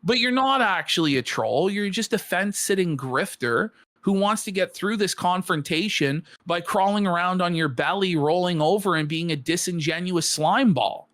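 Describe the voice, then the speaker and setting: A man's voice: sits high, moderate pace, hardly any pauses, a bit bright, no room sound. Guy ranting scornful at a clip, dead dry sound. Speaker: co-host. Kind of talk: reaction commentary.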